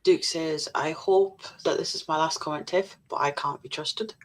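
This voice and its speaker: A woman's voice: sits low, steady tone, normal speed, rough recording. A woman co-hosting a live stream in casual chat, reading viewer comments aloud with dry, jokey swearing.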